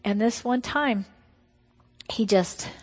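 A middle-aged woman preaching a testimony sermon. She tells her story emphatically, sometimes dropping to hushed tones. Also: on the high side, takes it slowly. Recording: long hall reverb.

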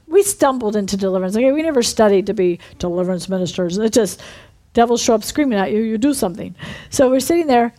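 A woman minister telling a story in a sermon, animated, breaking into shouted re-enactments. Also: mid-range voice, fast talker. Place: church building.

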